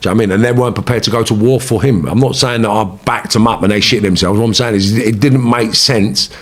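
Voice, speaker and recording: Guest, London man, lowish voice, blunt street talk, keeps asking "you know what I mean". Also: quick pace. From England. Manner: blunt, swearing, street slang, repeats himself. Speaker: interview guest. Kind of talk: storytelling in an interview.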